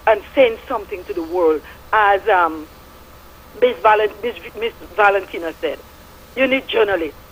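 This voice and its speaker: Middle-aged Statian Caribbean woman caller, husky, fervent and preachy, lively pitch. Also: rough recording. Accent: Statian Caribbean English. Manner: fervent, preachy storytelling with biblical references. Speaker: radio caller. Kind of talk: impassioned call-in testimony.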